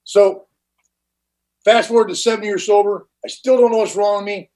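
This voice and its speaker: A man's voice: sits high, steady tone, normal speed, a little mellow, low-quality recording. An older man giving a personal recovery testimony at a meeting, candid and blunt, with plain slang and frequent restarts. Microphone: online conference talk.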